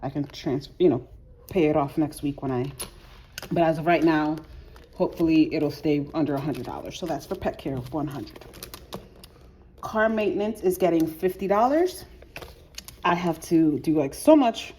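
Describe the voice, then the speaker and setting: Chatty woman, slightly wheezy, lowish voice. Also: expressive, moderate pace, long pauses, warm tone, a little hiss or hum. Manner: chatty, frequent filler "like", self-correcting restarts. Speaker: budgeting vlogger. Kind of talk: casual budgeting walkthrough.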